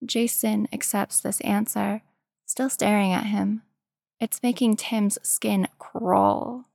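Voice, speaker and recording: Slow, gravelly woman reading a story. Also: mid-range voice, steady tone, a little mellow, no room sound, studio quality. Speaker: narrator. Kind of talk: fan fiction reading.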